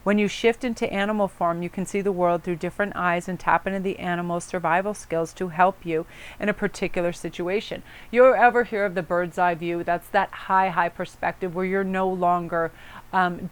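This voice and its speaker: A woman's voice: lowish voice, clean tone. A woman hosting a pick-a-card spiritual reading, talking in a chatty, rambling way with a soothing tone and frequent self-corrections. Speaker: tarot card reader.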